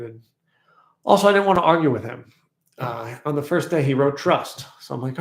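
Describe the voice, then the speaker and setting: A man telling a personal story in a casual vlog, reflective and rambling, slowly repeating affirmations. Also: fairly high pitch, animated, vocal fry, echoey room. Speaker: vlogger.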